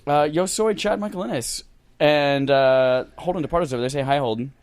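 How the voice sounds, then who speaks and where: A man hosting a gaming podcast with loose, jokey banter and the odd curse word. His voice sits a bit on the high side. He talks like he is among friends. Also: clear, resonant tone. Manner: jokey, swears, quick asides. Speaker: podcast host. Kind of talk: casual podcast chat.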